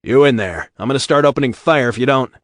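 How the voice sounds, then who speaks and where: A man reading aloud, voicing a tough, sardonic male security chief with a gruff, wry delivery. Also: lowish voice, a little fast, no echo, clean studio sound, lightly acted.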